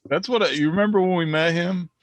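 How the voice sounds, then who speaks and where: A man's voice: high-pitched, quick pace, no room sound. A man hosting a casual, profane chat, laid-back and laughing often. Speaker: host.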